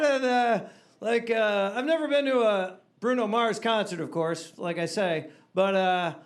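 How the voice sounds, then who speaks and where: Man, stand-up comic, high voice, rambling, chuckling, filler-heavy. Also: unhurried. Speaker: comedian. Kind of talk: stand-up comedy bit.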